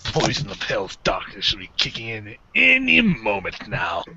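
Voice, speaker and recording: A man's voice: fairly low pitch, huge pitch swings, normal speed, vocal fry, pushed and bright, slight background noise, heavily acted. A man voicing a smug, gloating villain in a live fan reading. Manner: gloating, theatrical. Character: smug male villain with poison magic. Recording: dull dry podcast audio.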